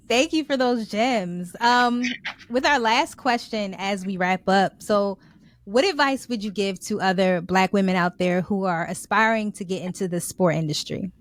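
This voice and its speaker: A woman's voice: mid-range voice, dry recording. Woman host, encouraging, lots of yes and laughs, dry close sound. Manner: affirming, quick agreement, laughs along. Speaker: podcast host. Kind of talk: interview hosting.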